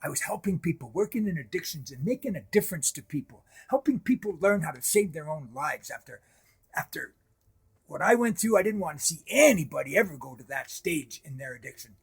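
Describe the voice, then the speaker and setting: A middle-aged man tells his own story in a husky, gravelly voice. He halts and repeats himself, sinking to a hush and then rising loud. His voice sits a little high for a man. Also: lively intonation. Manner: halting, repeats words, swings between hushed and loud. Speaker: recovery storyteller. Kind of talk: personal storytelling.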